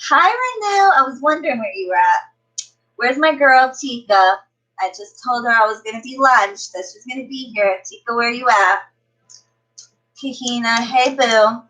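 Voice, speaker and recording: A woman's voice: on the high side, moderate pace, pushed and bright, low-quality recording. A woman tarot reader chatting casually on a livestream, brash and profane, greeting viewers by name.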